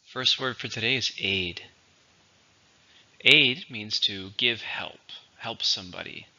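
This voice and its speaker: A man teaching English vocabulary in a slow, patient, explanatory way. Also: on the low side, pushed and bright. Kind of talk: vocabulary lesson. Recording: dull lo-fi recording.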